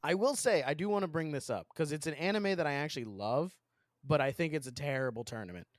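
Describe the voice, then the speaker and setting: A man's voice: a little high, animated, fast, no echo, clean studio sound. A man co-hosting a podcast, chatting enthusiastically, laughing often and swearing casually. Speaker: podcast co-host. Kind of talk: casual chat.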